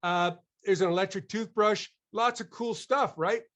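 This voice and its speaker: Pitched high and speaking at normal speed, a man delivers a live marketing webinar with lots of energy and enthusiasm. He jokes with attendees and asks for raised hands, with slight background noise present.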